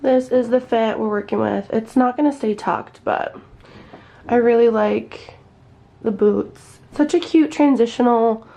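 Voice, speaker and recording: A young woman in her twenties, a lifestyle vlogger, talks casually to the camera from inside her home while sick and congested. Her voice is slightly high, slightly slow, mellow, and touched with vocal fry, and the vlog is full of swearing and filler words.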